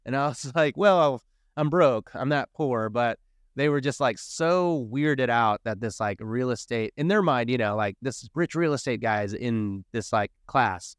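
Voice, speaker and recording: A man in his thirties talks casually as a podcast guest and tells stories in an animated way, jumping into the voices of the people he quotes. His voice is smooth and resonant, at an ordinary pitch for a man. The recording is close and dry, with no room sound. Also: normal speed, no echo. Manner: animated storyteller, acts out quoted dialogue. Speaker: podcast guest, real estate investor. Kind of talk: casual storytelling interview.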